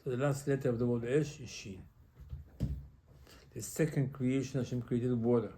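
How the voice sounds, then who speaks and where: A man, a rabbi, giving an animated Torah lesson in halting English with many repetitions. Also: mid-range voice, a little hiss or hum. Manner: animated, repetitive, non-native English phrasing.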